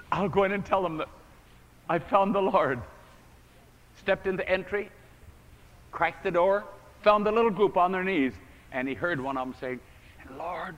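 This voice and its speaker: A man preaching a storytelling sermon to a congregation, acting out the voices in the story with big swings from hushed to loud. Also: on the high side, moderate pace, long pauses, muffled recording. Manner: dramatic, acts out quoted voices with big swings in volume. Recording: echoey hall recording.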